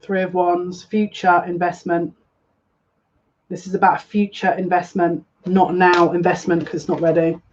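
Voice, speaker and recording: A tarot reader does a casual live reading from a room at home, lighting incense as they go. Their medium-pitched voice stays unhurried with little pitch movement, and they repeat phrases, saying "yeah, look." again and again. The recording is dull and lo-fi with faint noise.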